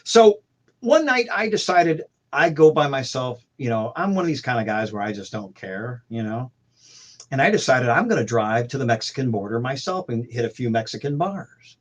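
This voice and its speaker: A guest musician from St. Louis, speaking over a video call in a mid-range, sing-song voice at normal speed, rambles through anecdotes about his band days. The chat is casual and full of restarts and fillers.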